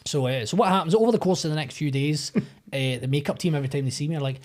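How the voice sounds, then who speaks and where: A Scottish man with a slightly high voice rattles through a story at a quick clip. He's a podcast guest telling an on-set anecdote, slipping into the voices of the people in it and swearing freely. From Scotland. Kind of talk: casual storytelling.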